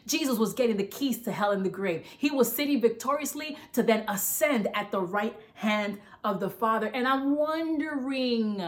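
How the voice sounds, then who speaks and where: A woman pastor delivering a fervent sermon, repeating calls to listen and sometimes running out of breath from excitement. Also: a little high. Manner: fervent, repetitive preaching with emphatic calls to listen.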